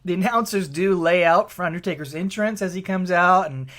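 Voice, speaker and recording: A man's voice: high-pitched, brisk, fairly bright tone. Laid-back male podcast co-host. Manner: laid-back, recaps matches with fillers. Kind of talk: casual podcast chat.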